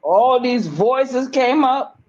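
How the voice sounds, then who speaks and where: A woman's voice: high voice, lively intonation, takes it slowly, a little mellow, dull audio. A woman talking in an agitated, rambling monologue, emphatic and swearing often, repeating herself.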